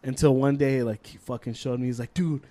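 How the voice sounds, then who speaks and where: Speaking fairly quickly in a mid-range voice, a young podcast co-host shares a school story during casual chat. He swears frequently, tells it with animation, and performs the voices of the characters.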